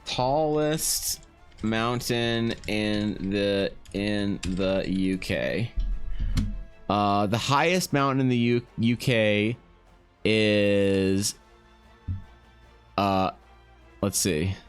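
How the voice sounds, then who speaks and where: A man's voice: fairly low pitch, drawn-out words, pauses often, clear, resonant tone, faint music behind. A man, chatting on a livestream in a joking, slangy way, swearing and laughing. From Canada. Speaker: art streamer. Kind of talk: casual livestream chat.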